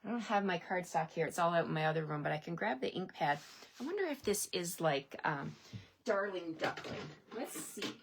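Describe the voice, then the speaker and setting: A woman's voice: fairly low pitch, animated, brisk, gravelly, breathy edge. A middle-aged woman from Canada chatting cheerfully on a livestream from home, laughing often and greeting viewers by name. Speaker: stamping demonstrator hosting a livestream. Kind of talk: casual livestream chat. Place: at home, indoors. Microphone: webcam or phone camera.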